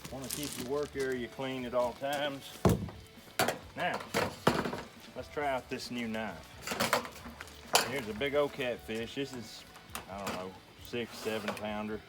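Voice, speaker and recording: A man's voice: mid-range voice, unhurried, long pauses, heavy background noise. A middle-aged man hosting a homestead show, giving an easygoing, folksy step-by-step demonstration. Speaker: homestead channel host. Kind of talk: how-to demonstration.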